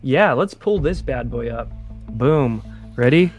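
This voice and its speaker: Laid-back chatty podcast co-host. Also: male voice, mid-range voice, animated, takes it slowly, darkish tone, soft background music. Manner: laid-back, chatty, tosses in playful asides. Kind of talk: casual chat.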